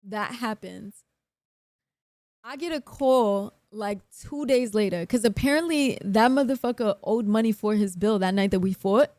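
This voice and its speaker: A young woman, telling a story on a live stream in a casual, animated, profane way and acting out other people's lines. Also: medium pitch, a little slow, dry recording.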